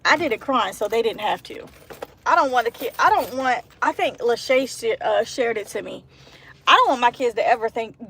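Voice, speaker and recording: Out and about and heading into a store, a woman in her thirties vlogs on a handheld phone with a gravelly, rather high voice. Her heartfelt talk is earnest, emotional and rambling with restarts, set against loud traffic noise.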